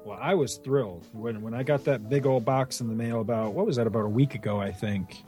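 A man's voice: mid-range voice, fairly quick, warm tone, soft background music. Rambling, laughing male podcast host. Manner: rambling, laughs often, swears casually. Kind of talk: casual chat. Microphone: studio microphone.

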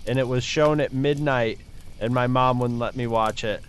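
A man co-hosting a podcast outdoors, chiming in with quick jokes. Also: medium pitch, steady tone, a little hiss or hum. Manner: joking, quick quips. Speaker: podcast co-host. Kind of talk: casual chat. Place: outdoors by a campfire.

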